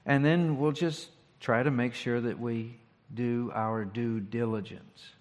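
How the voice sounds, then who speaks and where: A pastor giving a sermon, talking in a conversational, reflective way with rhetorical questions. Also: male voice, medium pitch, fairly even intonation, slow. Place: church sanctuary. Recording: long hall reverb.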